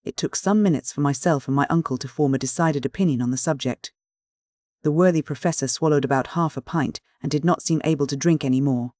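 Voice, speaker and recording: A man narrating a classic adventure novel in steady, clear first-person storytelling. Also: on the high side, a little fast, dry recording, clean studio sound. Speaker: audiobook narrator.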